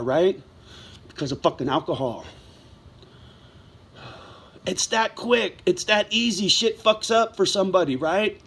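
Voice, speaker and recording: A man's voice: sits high, lively intonation, a little slow, fairly bright tone. A middle-aged man telling a story in a casual vlog monologue, blunt and heavy with swearing, wound up as he talks. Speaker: vlogger.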